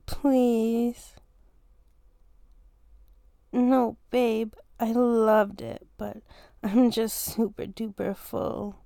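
A woman's voice: on the high side, fairly even intonation, drawn-out words, gravelly, pauses often, mellow, dry recording. A young woman in a casual romantic role-play, teasing and playful, laughing often and swearing easily as she talks to her partner. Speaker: fiancée in a listener role-play.

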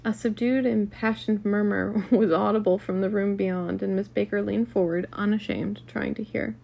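A woman reads a classic novel aloud in a casual, unpolished way. Her voice has a steady gravelly creak and sits at an ordinary pitch. She sometimes stumbles and restarts a phrase. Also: normal speed, highs cut off. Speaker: reader.

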